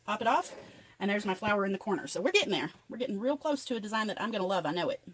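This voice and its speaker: A woman's voice: mid-range voice, big pitch swings, racing, a bit bright, husky, poor audio. An older woman chattily narrating each step of a craft tutorial as she works. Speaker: craft vlogger.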